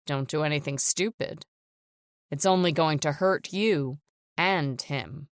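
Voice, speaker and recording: A woman's voice: sits low, slow, dry recording, clean studio sound. A woman reading an audiobook, voicing a cold, stern, controlling man who gives orders. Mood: threatening. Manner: stern, commanding.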